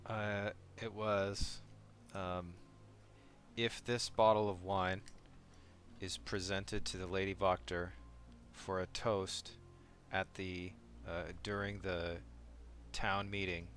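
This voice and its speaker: Brief: male tabletop player, deep bright tone, slow deliberate speech, excitable. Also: faint music behind. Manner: animated, swears when excited. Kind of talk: tabletop game play.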